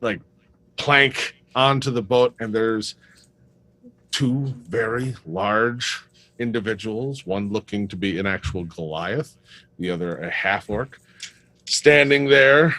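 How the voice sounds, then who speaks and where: A man's voice: on the low side, takes it slowly, pushed and bright, dry recording. Rambling man running a tabletop game. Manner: loose, rambling, filler-heavy narration. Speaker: game master.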